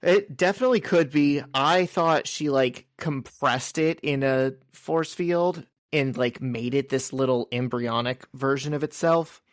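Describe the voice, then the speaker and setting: A man's voice: medium pitch, unhurried, few pauses, no echo, clean studio sound. A man co-hosting a podcast, chatting casually and enthusiastically, with lots of "like" fillers. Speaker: podcast co-host.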